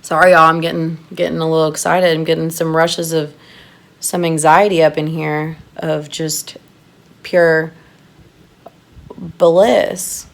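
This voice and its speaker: A woman giving a chatty makeup tutorial, gushing and excitable as she talks to her viewers. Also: sits low, takes it slowly, gravelly, long pauses. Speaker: makeup artist doing a tutorial.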